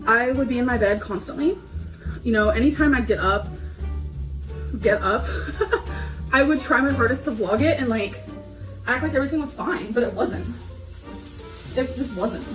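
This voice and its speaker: Expressive and a little high, a young woman's voice moves at a moderate pace with frequent pauses as she cooks and vlogs in her home kitchen. She rambles casually to camera, says "like" constantly, and is slightly out of breath, with echo and background music in the recording.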